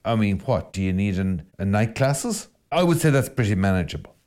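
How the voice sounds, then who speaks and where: A middle-aged Irish priest talking on a podcast in a conversational, teasing, exhorting way. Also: male voice, fairly low pitch, lively intonation, fairly quick, darkish tone. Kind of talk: podcast talk.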